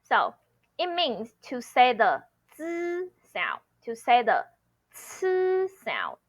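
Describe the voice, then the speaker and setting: Slow, lively woman teaching pronunciation. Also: fairly high pitch. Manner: patient, repeats sounds slowly, checks with "okay?". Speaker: Mandarin teacher. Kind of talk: online pronunciation lesson.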